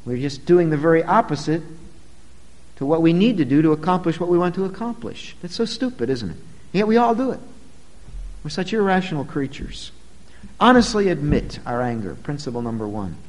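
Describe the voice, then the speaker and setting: A man's voice: fairly high pitch, expressive, fairly quick, a little mellow, long reverb tail, rough recording. A pastor preaching a sermon, earnest and emphatic, speaking directly to his congregation.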